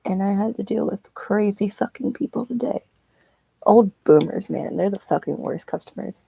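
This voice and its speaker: A woman chats casually as she knits, ranting and swearing freely. Her voice sounds mellow and dark. It is recorded dry and close, with no room sound. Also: mid-range voice, moderate pace, vocal fry, slightly rough, dry recording. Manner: profane, ranting storyteller. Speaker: streamer. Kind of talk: casual chat while knitting.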